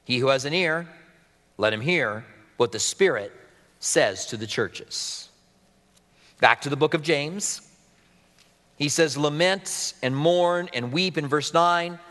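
A man's voice: a little high, slow pace, long pauses, pushed and bright, big-room sound. A man preaching a sermon as pastor, earnest and reading scripture aloud to his congregation.

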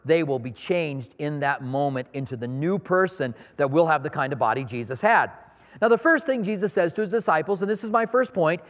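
A middle-aged man preaching a sermon in a conversational, storytelling way, acting out little scenes in his anecdotes. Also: sits high. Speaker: pastor. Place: church sanctuary. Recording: long reverb of a large hall.

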